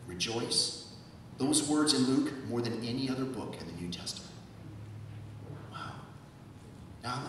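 A man's voice: medium pitch, a bit bright, slight background noise. A man preaching a sermon as pastor, asking rhetorical questions and repeating key words for emphasis. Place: church sanctuary. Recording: echoey church hall, from far off.

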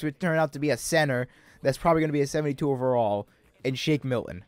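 A man's voice: medium pitch, fast, no room sound. A young man giving casual gameplay commentary, chatty and easygoing, often trailing off mid-sentence and second-guessing himself. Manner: mimics a draft announcer for the picks. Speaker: gaming YouTuber.

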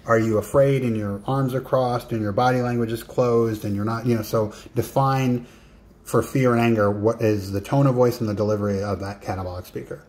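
A man's voice: medium pitch, steady tone, a little fast, a little mellow. A man giving a recorded coaching lesson, talking straight to the listener and setting writing tasks. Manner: direct, talks to the listener, gives writing tasks.

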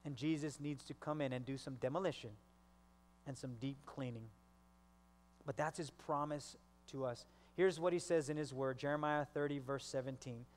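A man's voice: fairly high pitch, steady tone, moderate pace, in a large hall. A male pastor preaching a sermon, telling stories and acting out the voices of the people in them. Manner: storytelling, acts out quoted voices.

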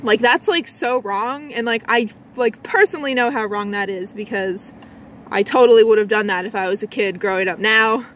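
A woman chatting casually in a vlog, rambling with lots of likes and restarts, swinging between a low lazy voice and a bright high one. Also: moderate pace, slight background noise. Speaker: vlogger.

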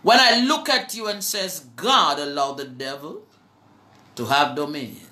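Jamaican woman preacher, slow fervent delivery, bright voice, echoey room. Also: sits low. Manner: slow, fervent, breaks into song. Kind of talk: preaching to a live online audience.

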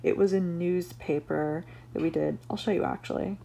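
A woman's voice: fairly low pitch, steady tone, moderate pace, creaky, warm tone, slight background noise. A young woman student chatting casually in a vlog, filling her talk with "like". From United States. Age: young adult. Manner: chatty, many "like" fillers. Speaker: university student vlogger. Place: home room and campus lab.

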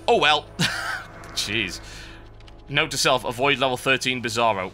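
A man giving sardonic, animated commentary over a video game he is playing. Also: medium pitch, normal speed, long pauses, faint music behind. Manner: sardonic, animated, wry complaints. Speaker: gameplay commentator. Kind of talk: let's-play commentary.

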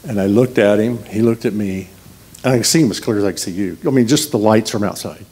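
Low-voiced, joking guest preacher. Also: male voice, fast, dark tone, slightly rough. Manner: conversational, humorous, anecdotal. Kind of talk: storytelling sermon.

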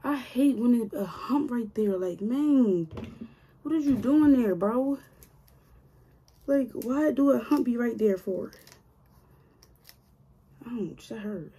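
A woman's voice: a little high, expressive, slow, long pauses, warm tone, slightly rough. A woman chatting casually to her viewers while doing her own hair, joking and grumbling to herself as she goes. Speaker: hair vlogger.

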